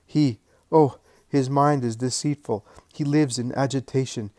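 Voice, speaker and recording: Man voicing a desperate older mother, high wailing pleas, strained and loud, dry sound. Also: steady tone, unhurried, dry recording, close to an everyday voice. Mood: anguished.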